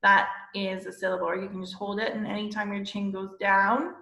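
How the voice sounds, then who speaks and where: A woman teacher giving a lesson to young children, explaining slowly and patiently and often checking with "okay?". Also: mid-range voice, little pitch movement, gravelly, pushed and bright. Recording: echoey room.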